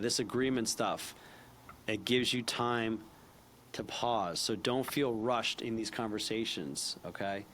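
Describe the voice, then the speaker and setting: A man teaching a sales training session in a casual, animated way, acting out bits of phone calls. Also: mid-range voice, normal speed, slight background noise.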